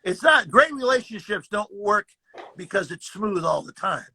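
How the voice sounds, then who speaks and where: Gravelly older man telling stories. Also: sits high, normal speed. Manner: animated, acts out dialogue, repeats words. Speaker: guest actor. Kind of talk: casual storytelling.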